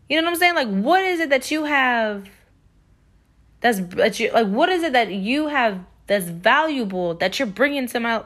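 A young woman hosting a podcast, telling a personal story in a blunt, expressive way. She swears freely and talks straight to her listeners. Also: sits high. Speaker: podcast host. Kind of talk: casual storytime monologue.

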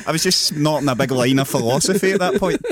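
A man's voice: a little high, fast. Laid-back sweary man. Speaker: podcast co-host. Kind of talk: casual banter.

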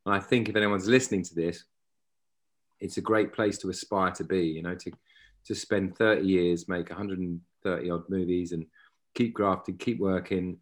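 A man in his forties with a fairly low voice. He is a guest actor who rambles through casual stories, restarting his sentences as he goes. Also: steady tone, normal speed. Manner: rambling, self-interrupting, anecdotal. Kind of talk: casual interview chat.

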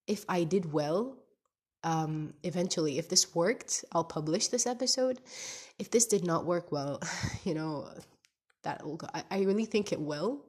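A young woman in her twenties, whose first language isn't English, talks candidly in a rambling, podcast-style confessional video diary, searching for words. Her voice is on the low side and a little mellow, and her nose is stuffy from crying.

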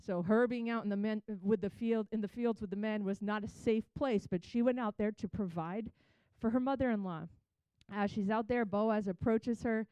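A woman's voice: medium pitch, moderate pace, dark tone, smooth, no echo, dull audio. A woman giving a chatty, conversational Bible teaching, retelling scripture in her own words.

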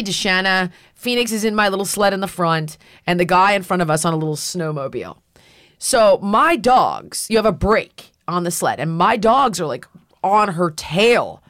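A woman's voice: medium pitch, dry recording. A middle-aged woman tells a story in loose, casual chat. She jumps into the voices of the people in her story, and her sound is dry, with no room. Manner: animated storyteller, acts out quotes. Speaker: podcast host.

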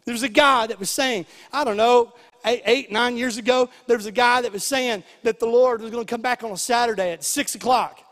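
A man, a pastor telling a story in a sermon and building to loud, fervent preaching. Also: very high-pitched, a little fast, in a large hall. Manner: storytelling, then shouting, rising preaching.

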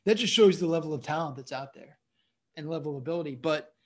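Rambling higher-voiced comedian, chatty. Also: male voice, fast. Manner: rambling, full of "you know what I mean". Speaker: comedian guest. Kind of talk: casual interview storytelling.

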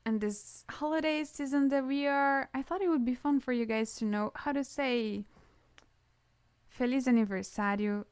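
A woman co-hosting a casual podcast, teaching phrases, animated and laughing at her own slips. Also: high-pitched, moderate pace, few pauses, no echo, clean studio sound. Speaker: podcast co-host teaching Portuguese words.

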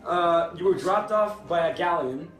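A man's voice: on the high side, unhurried, a bit bright, far from the mic. A man hosting a podcast and narrating as a new game master, hesitant and laughing often. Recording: echoey room, voice from off-mic, faint music.

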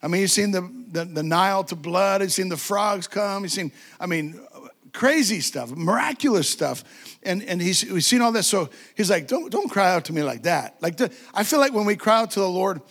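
A man's voice: sits high, lively intonation, normal speed, a bit bright. A man preaching a sermon in a fervent, conversational way, repeating his points and breaking into asides and laughter. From United States. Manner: laughs often and acts out quotes.

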